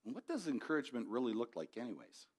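Conversational pastor preaching a sermon. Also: male voice, medium pitch, big pitch swings, fast talker, darkish tone. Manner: conversational, rising to passionate exhortation.

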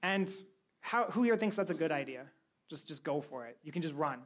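A woman's voice: sits low, lively intonation, brisk. A woman teaching a Bible lesson to a young church group, telling the story with energy and quizzing her listeners.

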